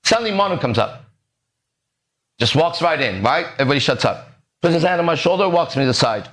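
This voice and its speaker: A man in his forties hosting a podcast, telling a story in a lively way that acts out the voices and keeps checking in with the listener. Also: fairly high pitch, a little fast. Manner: animated, acts out quoted lines, keeps checking in with "right?". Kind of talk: casual storytelling.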